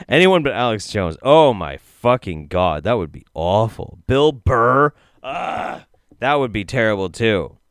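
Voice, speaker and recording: A man riffs with his chat in loose, sarcastic live-stream commentary, swearing freely. His voice is smooth and clear and swings widely in pitch. The sound is dry and close. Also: unhurried, hardly any pauses, no room sound. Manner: profane, sarcastic, animated. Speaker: streamer reacting to a video.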